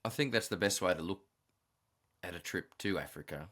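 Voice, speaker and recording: A man's voice: deep voice, a little fast, fairly bright tone. A man hosting a podcast, talking in an easygoing, anecdotal way. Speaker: podcast host. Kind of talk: casual conversation.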